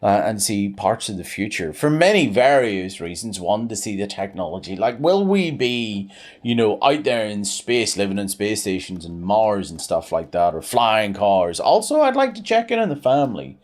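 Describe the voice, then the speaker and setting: A man's voice: sing-song, normal speed. A man in his thirties chatting on a live game stream, rambling with many fillers and restarts. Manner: pitch swings widely.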